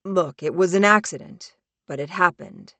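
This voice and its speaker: A woman voicing a calm teenage boy who talks slowly and softly. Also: lowish voice, no room sound. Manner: calm, slow and soft.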